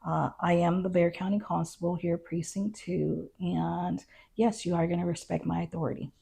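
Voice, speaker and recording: Here a woman, a county constable, narrates her experience in an interview in the first person, acting out quoted exchanges with lots of "um" and "you know." She talks at normal speed in a lower, slightly rough voice with vocal fry.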